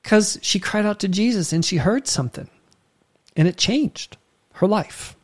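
A man preaching, telling a personal story with lively quoted dialogue and emphatic turns. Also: high voice, a little slow. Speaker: pastor. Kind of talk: sermon storytelling.

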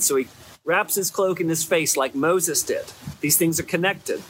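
A man's voice: fairly high pitch, normal speed, fairly bright tone, a little hiss or hum. A man preaching a sermon in a conversational, rambling way, often checking in with his listeners.

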